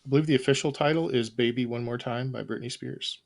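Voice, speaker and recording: A man's voice: mid-range voice, quick pace, vocal fry. A man hosting a trivia game, reading questions and answers with dry, wry humor. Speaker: quizmaster host.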